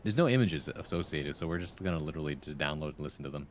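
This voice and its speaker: Over slight background noise, a man with an extremely low, expressive voice races through his words while streaming live. His talk is casual chat and improvised storytelling with viewers, peppered with frequent swearing, jokes and laughter.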